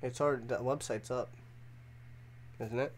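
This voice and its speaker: A man's voice: mid-range voice, steady tone, normal speed, slight background noise. A young man co-hosting a casual livestream, reading out chat questions and teasing his partner. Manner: joking, teasing banter. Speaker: livestream co-host.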